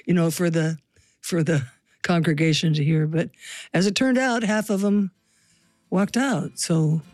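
A woman's voice: lowish voice, a little slow, a little mellow, dry recording, clean studio sound, soft background music. An older woman from the US Pacific Northwest, a musician guest telling stories in an interview with a wry, reflective manner. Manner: reflective, wry storytelling with laughs. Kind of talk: interview conversation.

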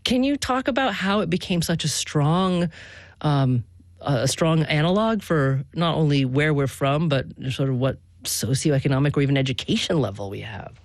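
A woman hosting a public radio interview, speaking in a measured, thoughtful way with some restarts. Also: deep voice, expressive, no room sound. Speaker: radio show host. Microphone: studio mic.

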